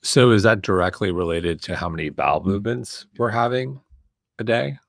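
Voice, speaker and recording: A man hosting a podcast, asking questions in a relaxed, conversational way and often repeating words as he starts. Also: fairly low pitch, moderate pace, creaky, no room sound, clean studio sound. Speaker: podcast host. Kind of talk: casual podcast interview.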